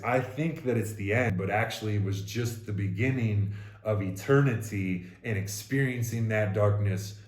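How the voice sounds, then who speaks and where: Blunt, low-voiced man in an echoey room. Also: a little mellow. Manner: raw, blunt, swears freely. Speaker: podcast co-host sharing his story. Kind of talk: candid personal storytelling.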